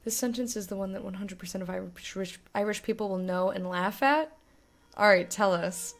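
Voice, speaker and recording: A woman's voice: medium pitch, moderate pace. A woman playing a game and commenting in a chatty, joking, self-mocking way. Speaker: streamer. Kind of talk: gameplay commentary.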